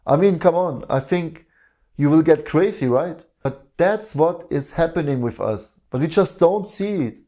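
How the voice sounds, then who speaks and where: A man giving a reflective spiritual talk in a calm way, often posing rhetorical questions to the listener. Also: on the high side, measured pace. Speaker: spiritual teacher.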